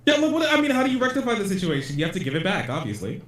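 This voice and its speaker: A man's voice: high-pitched, wildly swooping pitch, racing, fairly bright tone. A man in casual banter, rambling and defensive, stammering through restarts. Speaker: son in a comedic conversation. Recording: roomy echo.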